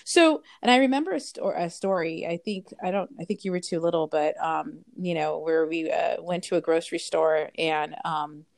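A woman's voice: lowish voice, normal speed, gravelly, hardly any pauses, darkish tone, dry recording, clean studio sound. A woman from the Los Angeles area, co-hosting a podcast and talking in an easygoing, reflective casual chat. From greater Los Angeles area. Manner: easygoing, reflective, prompting questions. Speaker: podcast co-host.

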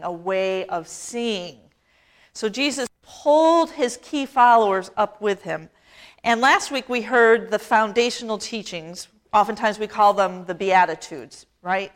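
A woman pastor preaching a sermon in a church, talking conversationally and asking the congregation questions, with slow, emphatic phrases. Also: fairly high pitch, a bit bright. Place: church sanctuary.

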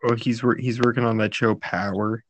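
A man's voice: mid-range voice, steady tone, moderate pace, a little hiss or hum. A man hosting a casual podcast chat, talking in a dry, teasing, opinionated way. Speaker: podcast host.

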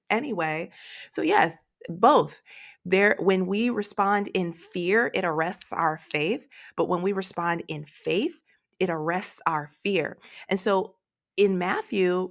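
A woman's voice: fairly low pitch, creaky. A woman preaching a devotional podcast sermon, emotional and tearful, praying aloud between her points.

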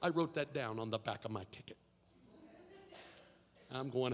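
A man preaching a sermon as pastor, telling a story and then building to shouted repetitions and call-and-response with the congregation. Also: fairly high pitch, moderate pace, long pauses. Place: church sanctuary. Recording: long reverb of a large hall.

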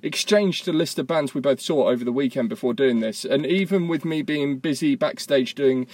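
A man's voice: medium pitch, normal speed, darkish tone, no room sound. A man hosting a podcast from a parked car, talking in a rambling, self-mocking way. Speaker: podcast host. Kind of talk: casual podcast chat. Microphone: tablet voice memo app.

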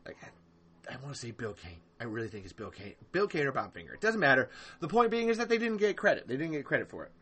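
Hosting a solo livestream podcast, a man rants in a rambling, profane way, full of ums and restarts, and breaks off to read and answer live chat. His mid-range voice is sing-song, bright and forceful with a breathy edge, and he talks fast.

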